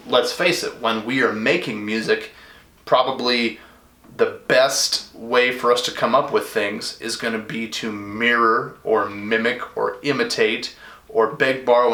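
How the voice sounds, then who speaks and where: A man's voice: medium pitch, steady tone, measured pace, pushed and bright, reverberant. A man teaching a recorded music lesson to his students in a casual, chatty way, full of asides and fillers.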